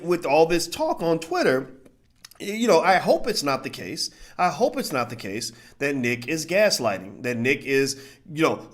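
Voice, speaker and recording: A man giving a casual, animated monologue as a commentator, often tagging his points with a rhetorical "right?". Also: on the high side.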